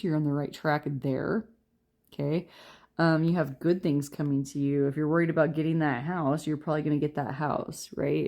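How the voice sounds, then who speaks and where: A woman's voice: deep voice, mellow. A woman giving a chatty pick-a-card tarot reading, tired and yawning, joking at her own slips and laughing often. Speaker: tarot reader.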